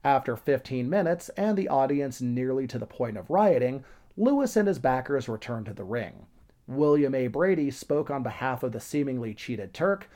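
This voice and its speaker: A man's voice: mid-range voice, lively intonation, normal speed, dark tone. A man hosting a history podcast, narrating with wry, sarcastic asides. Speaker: podcast host.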